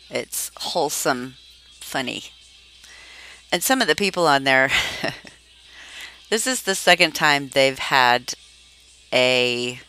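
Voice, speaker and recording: Slow-talking, bright-voiced chatty woman. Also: a bass voice, clean tone. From Massachusetts. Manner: rambling, chatty, laughs often, trails off. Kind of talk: casual chat.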